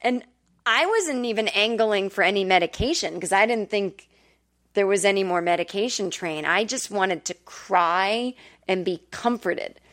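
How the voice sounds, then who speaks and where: At her temporary home in Brooklyn, a woman hosting a comedy podcast tells a candid personal story in a chatty monologue, swearing freely and acting out quotes in a high, whiny voice. She speaks at a measured pace with a slightly bright tone.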